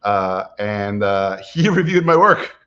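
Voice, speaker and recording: A middle-aged man, an animation director, telling stories from his life in an animated way, often chuckling as he talks. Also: on the low side, slow pace. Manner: animated storyteller, chuckles while telling anecdotes. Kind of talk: personal storytelling talk. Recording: dull lo-fi recording.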